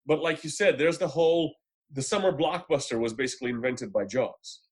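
A man in the middle pitch range tells a story on a movie podcast. His delivery is lively and animated, and he acts out the voices of the people in the tale. It is an easy, casual chat between hosts. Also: a little fast, breathy edge. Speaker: podcast co-host.

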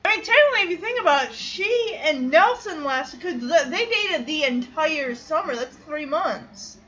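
Brief: woman podcast host, animated recap voice, high pitch, slightly muffled mic. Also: normal speed. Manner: animated, acts out quotes with chatty asides. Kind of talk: casual episode recap.

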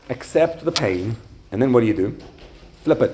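Male yeshiva teacher, mid-pitched, lively storyteller in a casual Torah class, faint background hiss. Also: a little fast. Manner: animated, conversational, acts out the voices in his stories.

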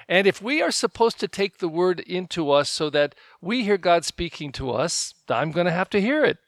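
A male pastor giving a conversational homily, telling stories and getting animated when he quotes people. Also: sits high, moderate pace, hardly any pauses, no echo. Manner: storytelling, animated when quoting others.

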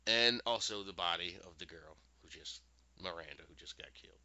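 Animated man recapping a show, lo-fi. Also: low-pitched, a little hiss or hum. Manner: animated, acts out characters' lines in quick voices. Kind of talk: casual recap storytelling. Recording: dull, lo-fi dry sound.

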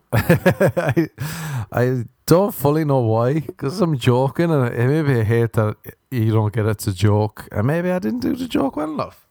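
A man's voice: mid-range voice, sing-song, a little slow, vocal fry, a little mellow, dry recording, studio quality. A man hosting a podcast, rambling through comic stories about himself and laughing often. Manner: rambling, self-mocking storyteller who laughs often. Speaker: podcast host. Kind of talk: comedic podcast monologue.

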